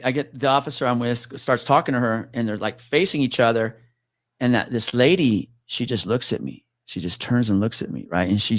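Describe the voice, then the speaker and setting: Cursing liberally, a man narrates a story in a relaxed conversation and performs the voices of each character he quotes. His pitch is medium, and the clean studio recording carries no room sound.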